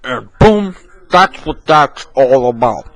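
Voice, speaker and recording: A man's voice: expressive, slow pace, no room sound, low-quality recording. A man voicing a rambling older football commentator in a homemade comedy sketch, repeating himself in circles. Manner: repetitive, circular, exclamations of "boom". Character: rambling older male football commentator, fixated on one quarterback.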